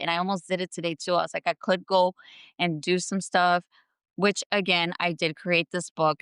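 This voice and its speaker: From indoors at home, a woman hosting her own show gives a heartfelt motivational self-help monologue, repeating affirmations for emphasis. Her fairly low voice carries vocal fry and a slight brightness, recorded cleanly at studio quality with no echo.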